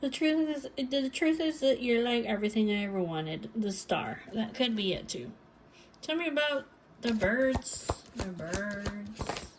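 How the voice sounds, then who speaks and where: A woman giving a tarot reading, talking haltingly and searching for words, often phrasing what someone might say. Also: on the high side, lively intonation, background noise. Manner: speaks lines as if voicing someone else. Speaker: tarot reader.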